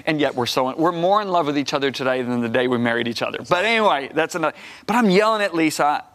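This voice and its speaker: Animated man telling a testimony. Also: a little high, fast talker. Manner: animated storyteller, rising loud when emphatic; acts out quoted dialogue. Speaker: guest minister. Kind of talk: testimony in a talk show.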